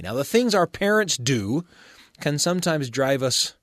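A man's voice: mid-range voice, very animated, measured pace, dry recording, studio quality. A man hosting a radio story show, friendly and chatty, laughing often. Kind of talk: casual radio chat.

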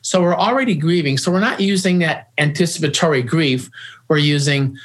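Guesting on an interview, this middle-aged founder of a grief organization has a fairly high, fairly quick voice. He's earnest in the conversation and keeps restarting and repeating himself.

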